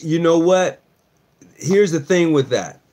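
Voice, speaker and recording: A man's voice: a little high, lively intonation, slow pace, a little mellow. A man from Mississippi hosting a casual chat, chatty and encouraging, often answering with "mm-hmm". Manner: chatty, backs up the other speaker with frequent "mm-hmm".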